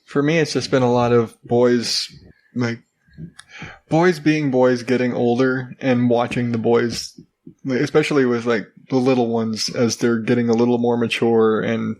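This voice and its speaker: A man in his thirties co-hosting a casual home podcast, chatting about his kids in a relaxed, joking tone. He drops the odd mild swear word. His voice sits at an ordinary middle pitch for a man. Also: unhurried. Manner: laid-back, joking, mildly profane. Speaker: podcast co-host. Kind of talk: casual chat.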